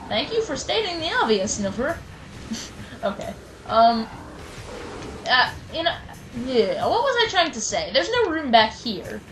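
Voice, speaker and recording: A woman's voice: high-pitched, sing-song, a little slow, pauses often, rough recording. A woman giving casual gameplay commentary, chatty and self-mocking, with sudden mock-angry outbursts at enemies. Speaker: let's play commentator. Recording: game music behind.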